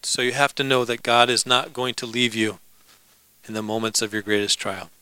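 A man's voice: mid-range voice, steady tone, normal speed, pushed and bright, clean tone, rough recording. A man preaching a sermon in a conversational way, with jokes and asides to the congregation. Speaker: pastor.

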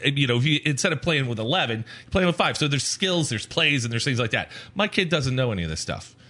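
A man in his forties co-hosting a podcast, telling animated stories with frequent laughter. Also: medium pitch, fast talker. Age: 40s. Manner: animated storyteller, laughs often, mimics voices. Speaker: podcast co-host. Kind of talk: casual podcast chat.

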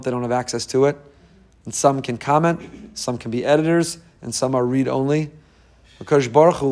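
A man teaching Torah in a relaxed, chatty way, poking fun at himself as he goes. His mid-pitched voice jumps up sharply when he stresses a point. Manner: humorous, self-deprecating, conversational. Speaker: Jewish religious teacher. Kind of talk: informal Torah talk.

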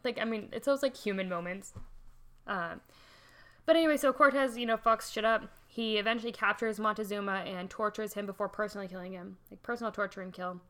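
Woman podcast host, casual storyteller, animated and profane, mid-pitched voice. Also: brisk. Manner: animated, swears freely, laughs often.

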